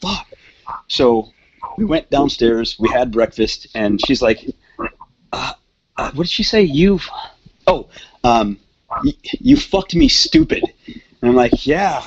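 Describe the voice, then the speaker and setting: Man, casual podcast storytelling, profane, lively pitch, raspy voice. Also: lo-fi sound. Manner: profane, animated, acts out quoted voices. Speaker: podcast guest.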